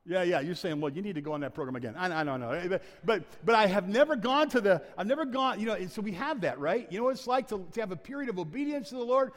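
Guy preaching in a church, kinda high voice, animated stories, echo hangs in the hall. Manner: animated storytelling, acts out quoted voices. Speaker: pastor. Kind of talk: sermon. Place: church sanctuary. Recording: long church hall reverb.

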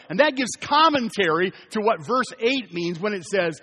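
A man's voice: high voice, expressive, measured pace, a bit bright, slightly rough. A man preaching a sermon as pastor, emphatic, repeating key phrases and putting questions to the congregation. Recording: long reverb of a large hall.

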